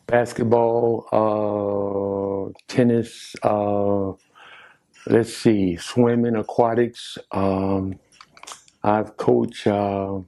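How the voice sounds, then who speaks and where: An older man talks in a low, gravelly, mellow voice. As a longtime coach answering an interview, he speaks haltingly, pausing often and repeating himself. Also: flat delivery. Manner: halting, many "uh"s and repeated phrases.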